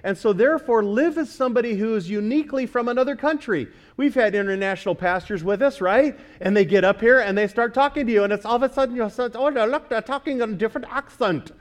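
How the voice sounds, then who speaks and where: A man's voice: sits high, quick pace, few pauses. A male pastor preaching a sermon, often asking the congregation questions and repeating key words for emphasis.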